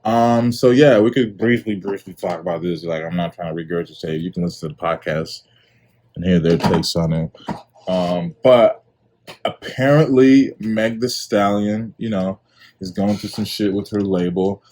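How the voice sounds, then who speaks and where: A man's voice: low-pitched, fairly even intonation, moderate pace, darkish tone. A young man hosting his own podcast, talking casually and rambling with lots of fillers. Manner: laid-back, rambling with many fillers. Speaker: podcast host. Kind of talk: casual solo commentary.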